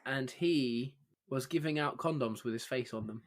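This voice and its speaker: A man's voice: medium pitch, moderate pace. A young man, co-hosting a podcast in casual chat, rambling, laughing often and swearing freely. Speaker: podcast co-host.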